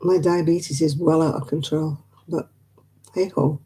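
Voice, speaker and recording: Woman host, rambling livestream chat with viewers, easy laugh, deep mellow timbre. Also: fairly even intonation, measured pace. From northwest England. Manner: chatty, rambling, laughs easily. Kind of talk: casual chat with live viewers.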